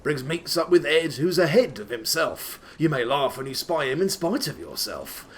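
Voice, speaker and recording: A man's voice: a little high, animated, moderate pace, a bit bright, a little hiss or hum. A man giving a comic, theatrical reading of rhyming verse in a put-on rustic old-timey accent that keeps slipping, with sweary asides. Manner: breaks off into sweary, laughing asides. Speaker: reader of a game walkthrough.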